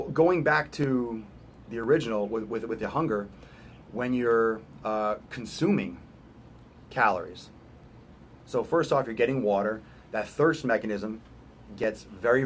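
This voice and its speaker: A man's voice: on the low side, slight background noise. A man coaching on fitness in a casual, emphatic talk, repeating his points and asking the listener questions. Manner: emphatic, repeats phrases, acts out quick voices.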